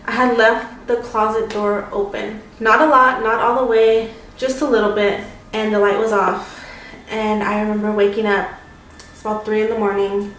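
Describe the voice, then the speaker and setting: A woman's voice: medium pitch, little pitch movement, moderate pace, fairly bright tone, recorded from a distance. A young woman vlogger recounts her story in a chatty, dramatic way, full of fillers. Her voice sits in the middle of the range and echoes around the room. The mic is some way off, with faint noise in the background. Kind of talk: casual storytime.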